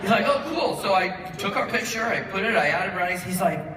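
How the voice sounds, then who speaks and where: A man giving an animated acceptance speech in a large hall, telling a story and acting out both sides of the conversation. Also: high voice, quick pace. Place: large event hall with audience. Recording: roomy hall sound from a distant mic, faint noise.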